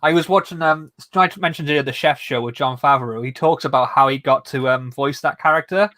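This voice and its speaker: A man's voice: mid-range voice, fairly quick, bright, forceful tone, no room sound. A man hosting a casual group stream, talking in a rambling way with many fillers. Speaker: stream host.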